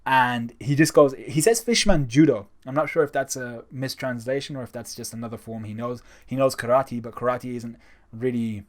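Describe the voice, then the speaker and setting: A man's voice: mid-range voice, moderate pace. A man giving a casual, enthusiastic spoken review of a comic chapter, talking conversationally. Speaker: manga reviewer.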